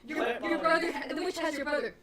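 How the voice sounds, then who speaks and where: A woman's voice: very high voice, steady tone, quick pace, echoey room, recorded from a distance, a loud crowd. A woman playing a tabletop game, playful and laughing often. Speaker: player.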